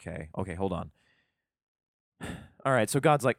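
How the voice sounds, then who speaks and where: A man with a fairly low voice reads scripture aloud in a mock-solemn cadence, then drops into casual, profane, sarcastic asides. The sound is dry and close. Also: expressive, measured pace, vocal fry, long pauses, a bit bright, no echo. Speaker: reader commenting on scripture. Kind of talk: casual irreverent commentary with scripture reading.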